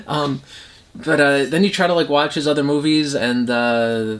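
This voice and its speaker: Casual male vlogger at home, mid-pitched, loose and rambling delivery with lots of fillers. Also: brisk, a bit bright. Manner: rambling, full of fillers and restarts. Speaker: collector reviewing his movie collection.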